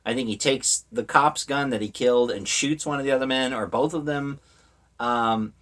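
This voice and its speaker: A man's voice: medium pitch, fairly bright tone. A man giving a casual spoken movie review, rambling through the plot with lots of fillers and wry, sarcastic asides.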